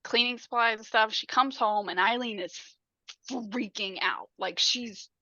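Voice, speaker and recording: Speaking at normal speed in a slightly high voice, this podcast co-host recaps a movie in a laid-back way, cursing frequently and performing the characters' quotes with lots of energy. There's no echo, though the audio sounds muffled.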